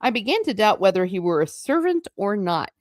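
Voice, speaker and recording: A woman's voice: mid-range voice, very animated, no room sound, clean studio sound. A woman reading a classic novel aloud, stopping often for chatty, playful asides. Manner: chatty asides between passages, quick and playful. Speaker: book reading channel host.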